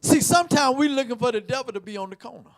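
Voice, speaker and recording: A man preaching a sermon, emphatic, repeating words and swinging between shouts and quiet asides. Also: extremely high pitch, animated, quick pace.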